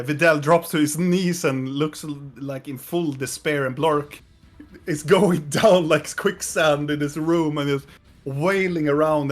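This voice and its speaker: A man narrating as game master of a tabletop game, describing the scene in a halting way with many fillers. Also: on the high side.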